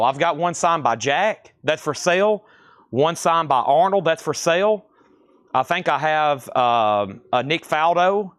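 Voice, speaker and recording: A man hosting a live record sale, calling out items, prices and buyers in a brisk, chatty way from a record shop storeroom. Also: on the high side, fairly bright tone, no room sound, clean studio sound. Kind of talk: livestream auction calling.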